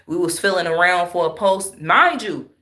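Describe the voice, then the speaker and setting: A woman's voice: fairly low pitch, lively intonation, moderate pace, bright, forceful tone. A married woman telling viewers an upsetting story in an emphatic, emotional way, speaking straight to her audience. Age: adult, married. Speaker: vlogger.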